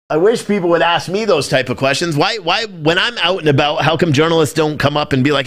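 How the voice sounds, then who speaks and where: A man hosting his own live political stream, talking in a loose, profane rant. He swings between exasperated outbursts and offhand asides to his viewers, with a slightly higher voice than most men. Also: fast talker, hardly any pauses. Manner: animated, profane ranting with mocking impressions.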